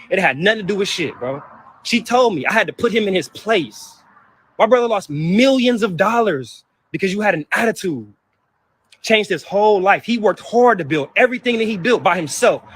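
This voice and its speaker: Man, high voice, rapid-fire heated profane rant, hurt and upset; personal vlog to camera. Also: fairly bright tone, slightly rough. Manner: heated, profane, repetitive outbursts. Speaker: vlogger. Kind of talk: emotional personal venting to camera.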